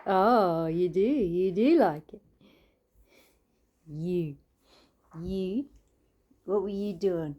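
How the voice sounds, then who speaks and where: A woman's voice: mid-range voice, animated, slow pace, long pauses, dark tone. An Australian woman in her home kitchen, filming her cats on a phone and chatting to them in giggly, sing-song baby talk with swearing asides. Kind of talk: casual chat and baby talk to pets.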